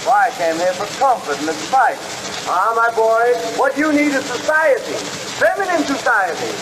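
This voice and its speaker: A jaunty young man-about-town with a scheming streak, pitched strikingly high and booming out hearty stagey exclamations. His voice sits under the heavy hiss and crackle of a 1913 film soundtrack. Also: very animated. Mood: jovial. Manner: brisk, theatrical stage delivery with hearty exclamations. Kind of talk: 1913 silent-era stage acting.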